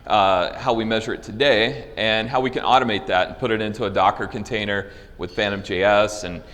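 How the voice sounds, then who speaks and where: A man's voice: on the low side, steady tone, a little fast, fairly bright tone, in a large hall. A man giving a technical conference talk with live demos, casual and loose, with frequent fillers and restarts. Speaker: conference speaker. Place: conference hall.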